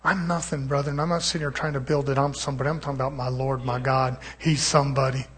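A man's voice: mid-range voice, little pitch movement, quick pace, a bit bright, slightly rough. A man preaching a testimony sermon, speaking earnestly to his listeners as brother and rising into emphatic bursts.

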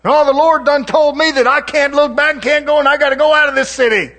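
A man's voice: very high-pitched, fairly even intonation, quick pace, bright, forceful tone, pitched above the performer's own voice. A man voicing an anxious male prophet who protests that he must leave the city. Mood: protesting.

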